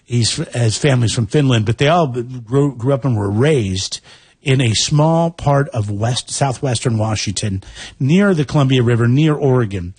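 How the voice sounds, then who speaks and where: Casual podcast co-host, male, husky tone, dry close sound, rambling delivery. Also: medium pitch, normal speed, a little mellow, no echo. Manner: rambling, amused, full of fillers. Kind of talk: casual chat.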